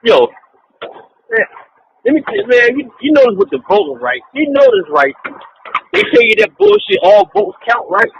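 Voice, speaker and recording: Gravelly, high-pitched man ranting. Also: expressive, normal speed, pauses often. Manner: profane, rambling rant with frequent "man" and "yo"; laughs often between remarks. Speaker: podcast co-host. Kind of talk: casual chat. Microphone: online call. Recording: dull lo-fi call audio with faint hiss.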